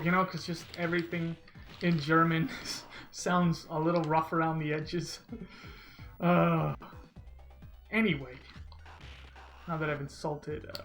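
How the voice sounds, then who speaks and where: Gravelly, bright-voiced male game streamer. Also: a little high, low-quality recording. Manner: rambling and chatty, reads chat aloud. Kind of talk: casual gameplay commentary.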